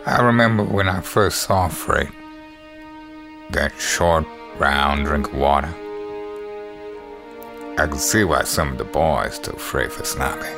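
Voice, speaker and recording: A man doing a deep, slow old inmate narrator. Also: creaky, music in the background, exaggerated voice. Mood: reminiscing. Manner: unhurried storytelling drawl. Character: older male inmate narrator, slow and reflective. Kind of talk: impression of a famous film narrator. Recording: film score playing loudly underneath.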